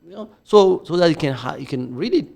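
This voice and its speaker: Middle-aged male co-host, gravelly, stammering repeats, earnest discussion. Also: on the high side, animated, a little mellow. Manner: repeats words, halting restarts, earnest. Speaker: podcast co-host. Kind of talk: casual podcast discussion.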